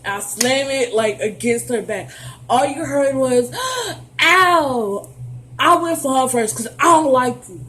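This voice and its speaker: A young adult woman telling a storytime vlog in an animated, profane, sassy way, talking straight to her viewers. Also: sits high, moderate pace. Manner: playful, addresses viewers directly. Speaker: vlogger.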